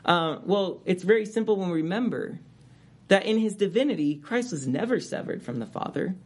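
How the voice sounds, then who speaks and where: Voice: mid-range voice, expressive, a little fast, slightly rough. A preacher giving a conversational expository sermon, stressing key words with sudden rises.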